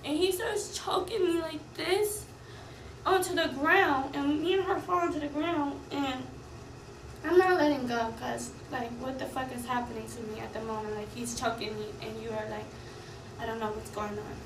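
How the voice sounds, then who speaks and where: A young woman, a college student, giving a rushed, upset retelling of an incident. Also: high-pitched, fairly even intonation, echoey room, recorded from a distance, a little hiss or hum, low-quality recording. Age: young adult. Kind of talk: recorded personal account.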